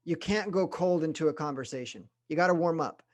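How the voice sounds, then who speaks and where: A middle-aged man leading a sales training session, talking in an animated way, speeding up, slowing down and pausing for emphasis. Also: a little high.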